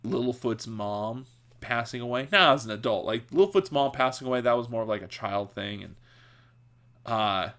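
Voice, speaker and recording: Telling a loose, meandering story, this podcast host has a mid-range male voice with a fairly bright tone. He laughs frequently and fills his speech with restarts and filler words.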